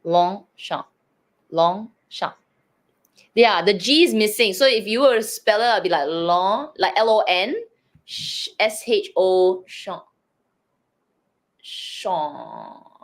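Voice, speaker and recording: A woman's voice: medium pitch, moderate pace. A woman co-hosting a casual livestream chat, playfully repeating words as she practices them. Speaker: co-host learning pronunciation.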